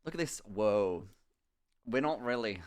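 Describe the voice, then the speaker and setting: A young man from Somerset, a streamer chatting casually while he paints, telling stories excitably with lots of swearing and laughter. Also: lowish voice, measured pace, clear, resonant tone. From Somerset, England. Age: young adult.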